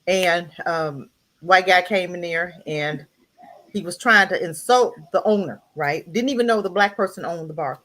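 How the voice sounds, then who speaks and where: A woman's voice: fairly low pitch, normal speed, fairly bright tone. A woman on a discussion panel chatting and retelling a story. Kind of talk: casual storytelling.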